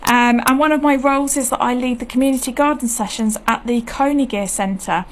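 A woman's voice: a little high, fairly quick. A woman from England hosting a local gardening show on community radio, chatting from the studio and laughing easily. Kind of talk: radio chat.

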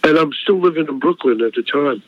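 Speaking fast with a fairly high pitch, an older singer animatedly recounts stories during an interview. He performs the dialogue himself and chuckles frequently. The recording is dry, echo-free radio sound, a little dull.

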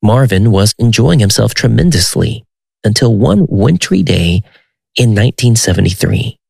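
A man narrating a documentary in a measured, slightly wry scripted delivery. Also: lowish voice, animated, vocal fry, darkish tone, slightly rough, no room sound.

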